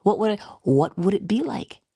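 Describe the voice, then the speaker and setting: A woman giving a spiritual motivational talk in a soft-spoken way, often dropping into whispers, with playful, affectionate asides. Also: medium pitch, sing-song, moderate pace, creaky, husky, dry recording, clean studio sound. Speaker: inspirational speaker.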